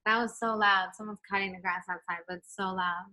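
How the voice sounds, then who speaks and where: A young adult woman, a pop singer, chatting in a remote interview from home, animated and laughing as she acts out the people in her stories. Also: mid-range voice, moderate pace. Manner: animated storyteller, acts out quotes, laughs often. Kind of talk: casual interview chat. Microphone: home setup, remote interview.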